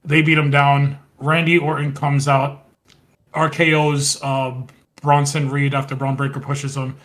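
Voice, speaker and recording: A man's voice: a little high, level tone, a little slow, a bit bright. A man co-hosting a podcast, chatting casually and retelling scenes at a rambling pace with quoted lines. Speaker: podcast co-host. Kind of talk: casual wrestling recap chat.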